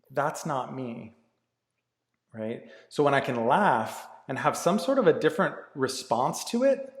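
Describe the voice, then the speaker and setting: Earnest, swearing man in an echoey room. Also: medium pitch. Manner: candid and earnest, swears freely, many restarts. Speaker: life coach. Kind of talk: casual motivational talk. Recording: echoey room with long reverb.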